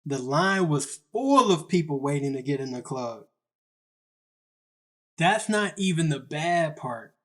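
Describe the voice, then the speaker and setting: Young male storyteller, slightly raised pitch, casual slangy self-deprecating comic narration. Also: lively intonation, takes it slowly, pauses often.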